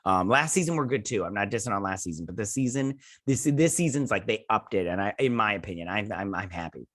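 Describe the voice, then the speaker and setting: A young man hosting a review channel, retelling a TV episode in an excited, rambling way full of "he's like". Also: fairly low pitch, fast talker, no echo, clean studio sound. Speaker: host and TV reviewer. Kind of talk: casual episode recap.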